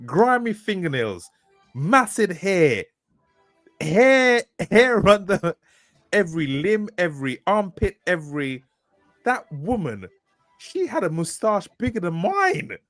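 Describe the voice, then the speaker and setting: A man's voice: sits high, big pitch swings, a little slow, a bit bright, no echo, studio quality, soft background music. A man, an author co-hosting a podcast, narrating an improvised story with crude jokes and laughing asides.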